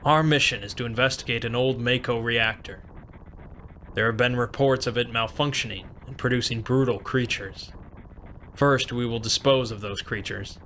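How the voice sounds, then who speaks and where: A man voicing a calm, cold, powerful swordsman in a fan voicing of game dialogue, measured and commanding. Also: mid-range voice, slight background noise.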